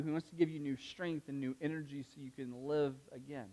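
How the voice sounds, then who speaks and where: High-voiced animated young male preacher. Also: a little fast. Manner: animated, conversational preaching with many fillers. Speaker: pastor. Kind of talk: sermon.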